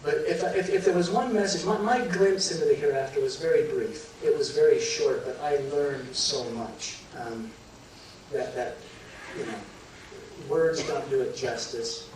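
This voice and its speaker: A middle-aged man telling an emotional personal story to a live audience, halting and restarting, choking up at times. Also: a little high, a little mellow. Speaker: guest telling his near-death story. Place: large hall before a live audience. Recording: very echoey hall, voice from far off, clear room noise.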